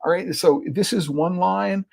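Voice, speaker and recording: A man's voice: high-pitched, measured pace, creaky, a little mellow. A man hosting a solo podcast, thinking aloud in a rambling, exasperated way with lots of fillers. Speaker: podcast host. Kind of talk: casual solo podcast commentary.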